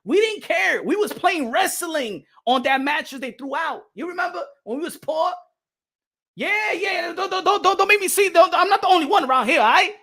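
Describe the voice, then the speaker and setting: A man in his twenties hosting a boxing channel livestream in casual chat. He is rowdy, laughs a lot and often shouts. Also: very high voice, animated, moderate pace, vocal fry. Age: 20s.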